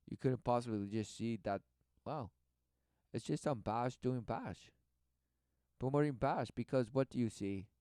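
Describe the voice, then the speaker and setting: A man giving sarcastic commentary over video footage, mocking the people he sees with quick scornful voices. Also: lowish voice, dark tone, clear, resonant tone, dry recording, clean studio sound. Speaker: religious commentator.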